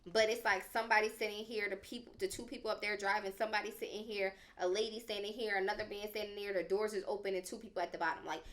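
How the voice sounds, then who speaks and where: This young adult woman rushes through a personal story on a podcast at a quick pace, barely pausing. Her medium-pitched voice is animated and dramatic, casual and slangy, peppered with "like".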